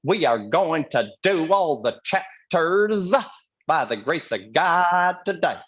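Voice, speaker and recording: A man voicing a Southern televangelist preacher with a put-on Southern accent and a slow, drawn-out preaching cadence. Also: fairly high pitch, big pitch swings, a bit bright, slightly rough, voice pushed up, full character voice. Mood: preachy. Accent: American Southern, put on.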